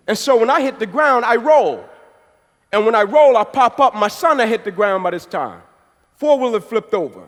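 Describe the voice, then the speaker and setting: A man in his thirties from the United States giving a passionate, energetic motivational speech, full of storytelling. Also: sits high. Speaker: motivational speaker. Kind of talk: inspirational speech. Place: large banquet hall. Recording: echoey hall.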